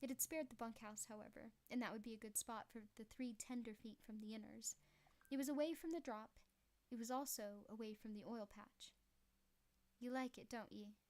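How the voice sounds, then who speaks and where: A woman's voice: on the high side, fairly even intonation, fairly quick, mellow. Woman reading a novel aloud. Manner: apologetic, chatty asides. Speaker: audiobook reader.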